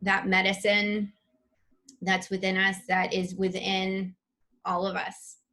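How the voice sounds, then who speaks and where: A woman's voice: medium pitch, completely flat delivery, slow, sharp tone. A woman presenting a live online spiritual masterclass, reading chat comments aloud and gushing over them with open emotion.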